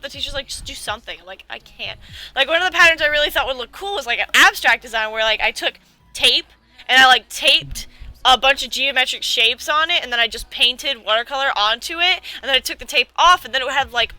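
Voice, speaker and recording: A young woman with a high, piercingly bright voice rambles through casual chat, stuffing her stories with "like" and blunt swearing. She acts out what other people said as she goes. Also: no room sound, poor audio. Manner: rambling storytelling full of "like", swearing, quoting others. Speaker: co-host.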